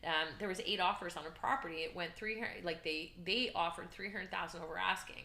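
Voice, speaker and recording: Energetic female real estate coach on a podcast; crisp bright voice, roomy recording. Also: fairly low pitch, brisk. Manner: energetic, chatty, animated storytelling. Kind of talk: casual podcast chat. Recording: roomy echo.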